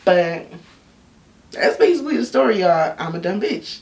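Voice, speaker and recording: A young woman telling a personal story in a casual, candid vlog, full of slang and animated asides. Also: mid-range voice, moderate pace, creaky. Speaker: YouTube storyteller. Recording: echoey room, a bit off-mic.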